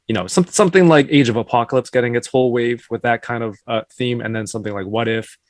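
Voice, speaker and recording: A man's voice: mid-range voice, quick pace, dry recording. A man in a casual chat, rambling and restarting his thoughts as he talks.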